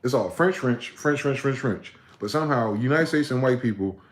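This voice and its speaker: A man hosting a livestream, ranting with profanity, repeating words in chains and breaking into sudden high-pitched shouts. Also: animated, moderate pace. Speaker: livestream host. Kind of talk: livestream monologue.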